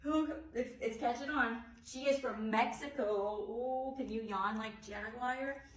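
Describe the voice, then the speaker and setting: A lively preschool teacher with a slightly high voice reads a picture book in a lilting sing-song, acting out long, exaggerated yawns. Between pages, this early childhood teacher offers practical tips to other teachers, her voice ringing through a roomy, echoey space.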